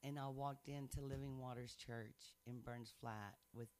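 A man's voice: mid-range voice, steady tone, measured pace, darkish tone. A man sharing his faith testimony in casual chat, earnest and playful, laughing often.

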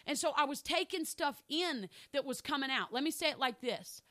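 Bright-voiced woman pastor preaching. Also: high-pitched, animated, normal speed, no room sound, clean studio sound. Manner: emphatic, repeats phrases for stress; candid personal storytelling. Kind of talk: sermon.

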